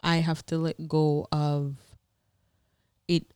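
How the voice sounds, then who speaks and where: A woman's voice: low-pitched, level tone, slow, a little mellow, smooth, dry recording, studio quality. A woman co-hosting a casual couple's podcast, earnest and explaining her view at length. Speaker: podcast co-host.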